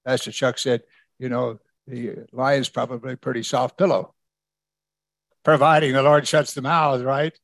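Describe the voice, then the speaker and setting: In a dry recording, a male pastor with a gravelly, somewhat bright mid-range voice speaks unhurriedly and flatly. His sermon is conversational, reading scripture verse by verse and questioning his listeners.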